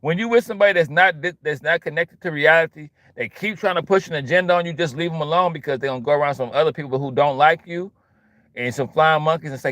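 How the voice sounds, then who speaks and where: A young man talking casually in an animated, repetitive way, full of street slang. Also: fairly high pitch, fast, dry recording. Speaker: host. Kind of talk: casual monologue.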